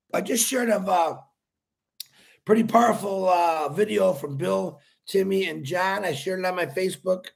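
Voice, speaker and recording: A man's voice: high voice, creaky. A man hosting a casual live stream, greeting viewers by name, laughing often and repeating his points with emphasis. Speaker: livestream host.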